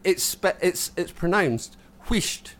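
Scottish man, podcast co-host, swooping lively pitch, faint hiss behind. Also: moderate pace. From Scotland. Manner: animated, self-deprecating, laughs often, many restarts. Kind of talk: casual podcast chat.

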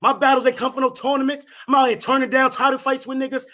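A man's voice: very high voice, flat delivery, fast, bright, forceful tone. A young man, a battle rapper, taunting a rival in heated trash talk and hammering the same jabs over and over. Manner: taunting, repeats his jabs.

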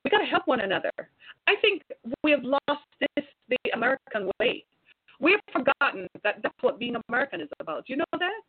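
Woman commentator, exhorting and preachy, dry close sound, husky voice. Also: high voice, no room sound. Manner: preachy, exhorting, rhetorical questions. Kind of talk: impassioned monologue to viewers. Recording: tinny phone-like sound.

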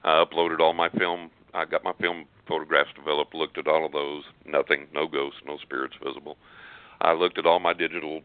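Give me an older man with a deep voice, rambling through a story over a dry, phone-quality line. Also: little pitch movement, fairly quick, clean tone, no echo. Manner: earnest, rambling, with frequent restarts and fillers. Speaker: radio guest psychic. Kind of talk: casual storytelling on a call-in show.

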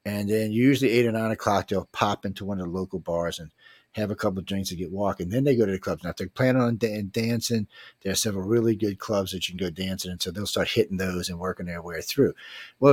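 A man with a New Orleans accent hosts a casual chat show, spinning long, meandering stories with plenty of cursing and easy chuckles. His voice sits fairly low, and the recording is close and dry with no room sound. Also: fast talker, no echo. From New Orleans, USA. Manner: loose, rambling, swears freely, chuckles between lines.

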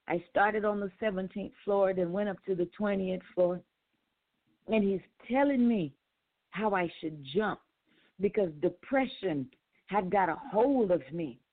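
A woman preaching a sermon, building emphatic repeated refrains. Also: fairly high pitch. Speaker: preacher and author. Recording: phone-line sound with faint music.

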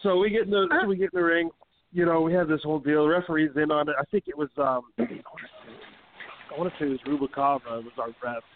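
A wrestling radio host with a slightly high voice talks a little fast, rambling through a long, profane backstage story stuffed with fillers. The phone-line audio is tinny with a faint hiss.

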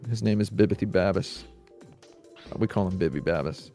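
A man with a lowish voice chats loosely on a live stream, rambling through jokes with plenty of ums. Faint music plays underneath. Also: fairly quick, dark tone. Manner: rambling, jokey, many fillers. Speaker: stream co-host. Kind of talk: casual stream chat.

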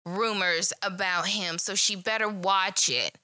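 A woman's voice: medium pitch, a little slow, no echo. A young woman co-hosting a casual podcast recap, laughing often and swearing freely. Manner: laughs often, animated and profane. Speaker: podcast co-host. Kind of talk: casual chat recapping reality TV.

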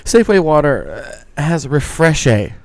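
A man in his thirties hosting a casual podcast, swearing freely and ranting with animated, worked-up energy. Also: fairly high pitch, moderate pace, dry recording. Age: 30s. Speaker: podcast host.

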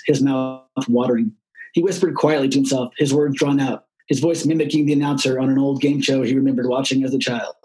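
Male audiobook narrator, slightly high pitch, steady and measured delivery. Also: low-quality recording.

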